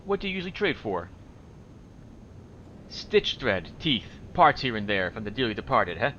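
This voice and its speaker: A man's voice: fairly low pitch, big pitch swings, moderate pace, bright, forceful tone, highs cut off, a little hiss or hum. A man reading the lines of a filthy, suspicious male corpse trader in a game, clipped and ending lines with "huh".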